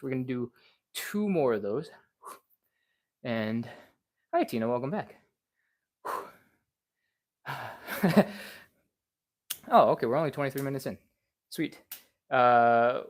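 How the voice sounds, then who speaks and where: Male live-stream stretch coach, fast-talking and upbeat, slightly out of breath, mid-pitched. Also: darkish tone. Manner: chatty and encouraging, talks fast and rambles. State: a little out of breath. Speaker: stretching instructor.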